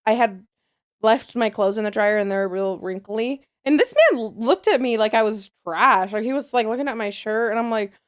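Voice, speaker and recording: A young adult woman co-hosting a podcast, telling stories in a profane, animated casual chat. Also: fairly high pitch, normal speed. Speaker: podcast co-host.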